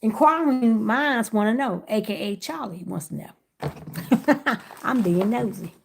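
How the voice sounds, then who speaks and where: Woman, casual livestream host, chatty, laughs a lot, fairly high voice, faint crinkling behind. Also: slow, vocal fry, slight background noise. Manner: chatty, laughs often, addresses viewers by name. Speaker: livestream host wrapping gift baskets.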